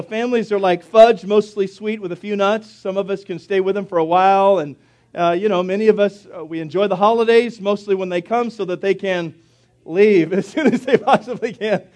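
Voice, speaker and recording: High-voiced male preacher. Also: moderate pace, a little mellow. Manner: folksy, joking storyteller. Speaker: pastor. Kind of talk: sermon. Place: church sanctuary.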